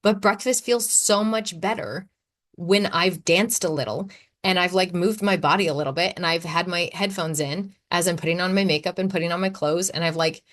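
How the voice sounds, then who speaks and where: A woman in her thirties hosting a casual solo podcast, talking in a chatty, animated way and laughing often. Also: lowish voice, normal speed. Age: 30s. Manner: chatty, animated, acts out her own quotes. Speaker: podcast host.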